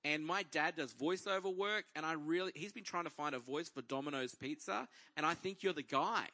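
Eager and forward, a young woman stranger talks in a bright, slightly higher voice, as a male preacher puts her on. She is quick and keen, and pushes her point with no pause. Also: full character voice.

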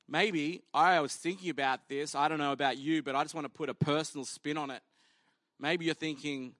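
Bright-voiced pastor, lively storytelling. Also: male voice, on the high side, brisk, dry recording. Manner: animated storytelling, acting out the people in the story; conversational and humorous. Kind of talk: sermon.

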